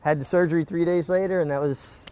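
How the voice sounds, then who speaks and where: A man's voice: fairly high pitch, steady tone, quick pace, darkish tone, smooth, dry recording. A middle-aged man, a retired jockey, recounting his career in a casual interview, earnest and prone to repeating words as he restarts.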